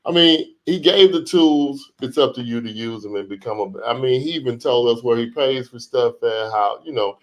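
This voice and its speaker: A hoarse man co-hosting a relaxed DJ podcast. He talks emphatically, draws out his exclamations and laughs easily between points. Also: medium pitch, moderate pace, low-quality recording. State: hoarse from a flu. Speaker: podcast co-host, DJ. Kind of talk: casual chat.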